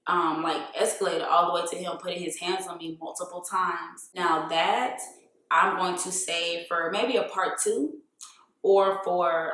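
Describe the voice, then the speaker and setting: A woman's voice: lowish voice, fairly bright tone. A woman telling a personal story in a candid vlog, frank and profane, with lots of "like" fillers. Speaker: vlogger. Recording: very echoey room.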